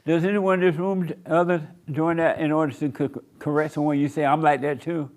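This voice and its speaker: A man's voice: a little high, steady tone, a little fast, darkish tone. Blunt, teasing man leading a church talk. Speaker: pastor leading a church discussion. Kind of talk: blunt preaching in group talk.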